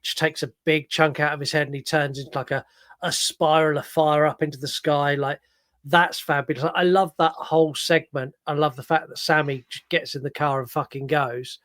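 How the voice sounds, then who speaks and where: A man's voice: a little high, flat delivery, moderate pace, fairly bright tone, no echo, clean studio sound. A man co-hosting a casual film-review podcast, enthusiastically retelling scenes step by step with fillers. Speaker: podcast co-host.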